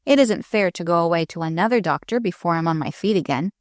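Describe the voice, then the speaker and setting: A woman's voice: fairly low pitch, lively intonation, fast talker, no room sound, clean studio sound, lightly acted. A woman voicing a bored, condescending rich young man, eager and self-satisfied. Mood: smug.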